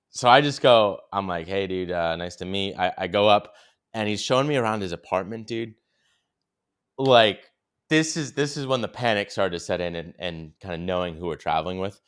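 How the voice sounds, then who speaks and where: Deep, smooth-voiced rambling young man. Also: a bit bright. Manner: rambling, swears freely, lots of "dude" and "like". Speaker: podcast co-host. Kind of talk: casual storytelling chat.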